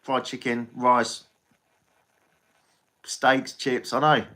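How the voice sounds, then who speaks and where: A man's voice: medium pitch, little pitch movement, very slow, bright, forceful tone. An English man chatting casually on a live stream as a tarot reader, rambling and swearing freely.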